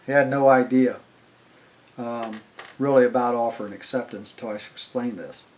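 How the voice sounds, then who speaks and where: A man's voice: mid-range voice, steady tone, moderate pace, darkish tone. Older man telling a rambling story. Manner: rambling, conversational, heavy on "I was like" and fillers. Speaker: channel host telling stories. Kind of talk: casual storytelling.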